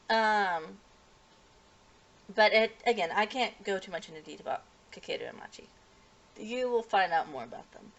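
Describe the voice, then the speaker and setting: A woman's voice: medium pitch, very animated, a little slow, long pauses, fairly bright tone, muffled recording. A woman casually recapping a show's episode, rambling with many fillers and restarts. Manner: acts out characters' lines in livelier voices. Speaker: anime reviewer.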